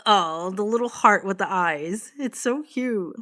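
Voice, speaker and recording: A woman's voice: mid-range voice, unhurried, a bit bright. Young woman, casual livestream chat, laughs a lot, swears casually, chatty. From Boston, USA. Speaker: livestream host.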